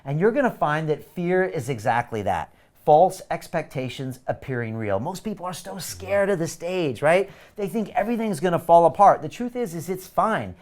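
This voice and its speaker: Middle-aged guy hosting a live webinar, hard-sell energy, slightly high voice, keeps hammering catchphrases. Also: moderate pace. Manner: energetic, pushy, repeats catchphrases. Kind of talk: live sales pitch to viewers.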